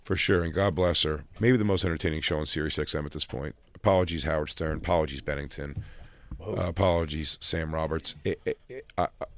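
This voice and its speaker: A man's voice: a bass voice, fairly quick. A man in his forties riffing crude jokes as a podcast co-host. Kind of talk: casual chat.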